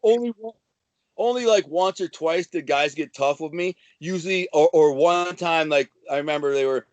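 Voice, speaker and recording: A man from Detroit, a guest telling swaggering, animated stories in casual chat, full of profanity. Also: fairly high pitch, moderate pace, no echo. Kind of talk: casual storytelling.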